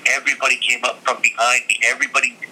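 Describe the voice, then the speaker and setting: A middle-aged man, a podcast guest, telling a story in casual chat and acting out every quoted voice in animated bursts. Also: mid-range voice, racing, slightly rough, low-quality recording.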